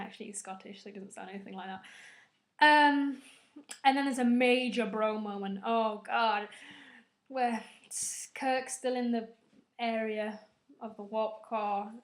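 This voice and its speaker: A woman giving a rambling, excitable spoken film review, full of "like" asides. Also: on the high side, unhurried. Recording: echoey room.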